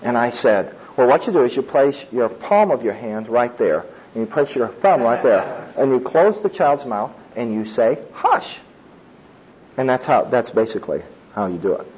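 A man's voice: medium pitch, expressive, moderate pace, darkish tone, husky, dull audio. A middle-aged man giving a conversational sermon, with frequent asides and chuckles. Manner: conversational preaching with asides and laughs. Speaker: preacher. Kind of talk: sermon on child discipline.

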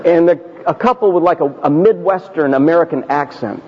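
A male pastor telling a personal story in a sermon, conversational and self-deprecating, slowing down for emphasis. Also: a little high, slight background noise. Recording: dull audio with long hall reverb.

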